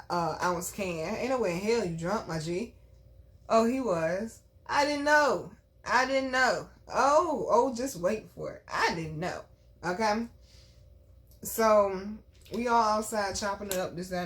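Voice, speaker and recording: Speaking unhurriedly in a medium-pitched voice with lively intonation, a woman vlogger recounts a personal story. She's emphatic and chatty, often turning aside to address her viewers directly.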